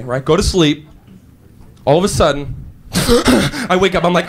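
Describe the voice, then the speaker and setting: A male stand-up comedian telling an animated story, acting out voices with big pitch jumps. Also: moderate pace. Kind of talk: stand-up routine. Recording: live stage with loud crowd laughter. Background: audience laughing.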